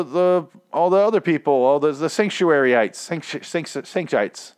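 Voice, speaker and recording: A man hosting a casual show, rambling and swearing with exasperation, his voice hoarse and nearly shot. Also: on the high side, normal speed. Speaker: podcast host. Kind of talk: casual rant about a TV show.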